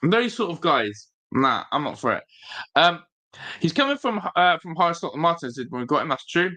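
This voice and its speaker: A man's voice: on the high side, big pitch swings, a little fast, pushed and bright. A man hosting a football fan live stream, chatting loosely, rambling with fillers and reading out viewer comments. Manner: chatty, rambling, reads viewer chat aloud. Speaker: football fan channel host. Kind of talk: live-stream casual chat.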